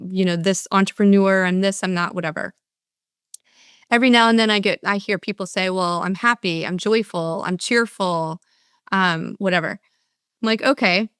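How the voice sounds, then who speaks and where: An older woman speaks in an earnest motivational talk, her voice smooth and clear. The sound is dry and close, with no room around it. She restarts phrases and plays out answers from her audiences. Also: medium pitch, a bit bright, no room sound. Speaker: speaker and coach.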